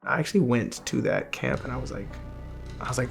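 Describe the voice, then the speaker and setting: A young man gives a personal faith testimony, earnest and halting, circling back to restart his sentences. His voice is gravelly at mid pitch. Soft music plays faintly behind him. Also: very animated. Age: young adult. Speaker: testimony speaker.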